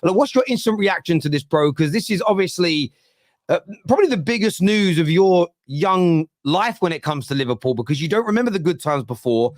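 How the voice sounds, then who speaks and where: A man hosting a casual football fan show, brisk and taking charge of the talk. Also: fairly high pitch, expressive, dry recording, clean studio sound. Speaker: show host. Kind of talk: casual podcast chat.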